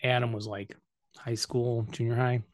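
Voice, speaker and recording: An easygoing middle-aged man tells stories at a relaxed pace and laughs often as a podcast co-host. His voice sounds dry and close, with no room sound around it. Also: mid-range voice, normal speed, dry recording. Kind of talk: casual chat.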